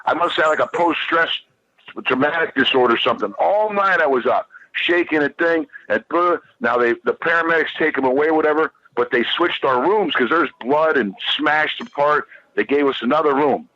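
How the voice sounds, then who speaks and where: A man's voice: fairly high pitch, brisk, pushed and bright. A middle-aged man telling a profane, rambling story as a podcast guest, repeating himself as he goes. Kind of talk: casual storytelling. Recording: dull lo-fi audio.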